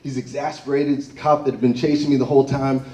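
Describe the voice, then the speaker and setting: A man giving an animated storytelling speech to a live audience, often tagging his lines with "right?". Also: medium pitch, fast, dull audio. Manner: animated, tags phrases with "right?". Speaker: motivational speaker. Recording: echoey room, far from mic.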